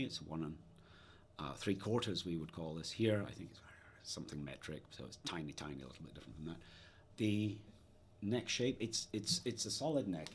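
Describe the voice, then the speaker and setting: Deep-voiced man musing over a guitar. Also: slight background noise. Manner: thoughtful, musing, with trailing asides. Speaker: guitar reviewer. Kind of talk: casual gear review talk. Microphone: dynamic supercardioid about half a metre away.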